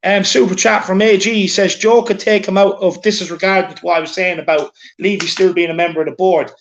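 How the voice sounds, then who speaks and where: A man with an Irish accent and a notably high voice hosts a casual live stream, recorded on a phone. He talks in a chatty, repetitive way and keeps calling people "lad" and "my man.". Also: little pitch movement, fast, lo-fi sound. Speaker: show host reading super chats.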